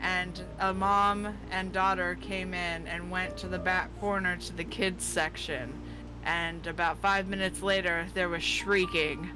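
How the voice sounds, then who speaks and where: A woman's voice: lowish voice, measured pace, poor audio. A woman chatting casually on a game stream, telling a story with lots of laughter. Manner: lively storyteller, laughs through her story. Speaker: player in a streamed tabletop game. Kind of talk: casual chat, telling an anecdote. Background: background music.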